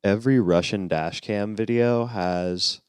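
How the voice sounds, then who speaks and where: A young man co-hosting a podcast, telling wry, deadpan stories in casual banter. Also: on the low side, a little slow, clean tone, dry recording, studio quality. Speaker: podcast co-host.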